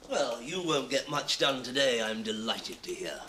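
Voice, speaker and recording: An actor playing an ironic, self-mocking middle-aged playwright in a 1970s British TV comedy, telling stories with theatrical flair. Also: male voice, mid-range voice, animated, moderate pace, lightly acted. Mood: wry. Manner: ironic, theatrical storytelling with laughs. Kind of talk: 1970s British TV sitcom acting. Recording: old TV sound with faint hiss.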